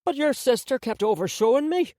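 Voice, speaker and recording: A man voicing a sharp-tongued, wry and bossy old grandmother in an audiobook. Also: very high-pitched, lively intonation, fairly quick, dry recording, studio quality, voice pushed up. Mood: teasing.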